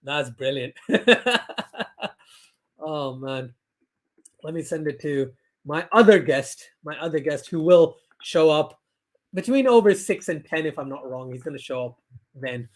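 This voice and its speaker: A man's voice: fairly high pitch, measured pace, long pauses. A young man hosting a live cricket watchalong, giving casual commentary and reading out viewer comments in a chatty way. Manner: chatty, reads viewer comments aloud, bursts into excited shouts.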